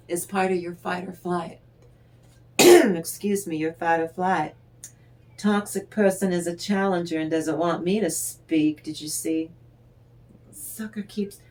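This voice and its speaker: A woman reads tarot cards aloud, speaking to the listener as if they were sitting across from her. Her voice sits a little low, and she takes her time, letting words hang between phrases. She is encouraging and breaks into laughter now and then. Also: a little mellow. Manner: unhurried, addresses the listener directly, encouraging; laughs often. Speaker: tarot reader. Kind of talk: tarot card reading to the viewer.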